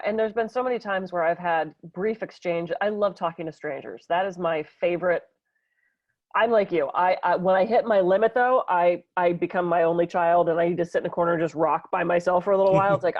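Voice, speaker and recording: A woman's voice: on the low side, darkish tone, dry recording. A woman co-hosts a podcast in casual chat, talkative and self-deprecating. Her voice sounds dry and close. The audio is dull and lo-fi.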